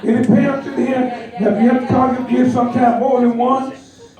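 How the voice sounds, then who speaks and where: A man preaching a sermon in a church, animated and laughing as he acts out voices, with the congregation answering. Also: very high voice, moderate pace, a crowd in the background. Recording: echoey church hall, distant mic. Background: congregation responding.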